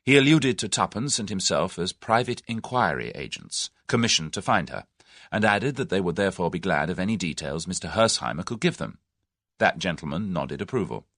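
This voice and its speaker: A man narrating an audiobook with expressive storytelling. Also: low-pitched, a little fast, no echo, clean studio sound. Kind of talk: scripted narration.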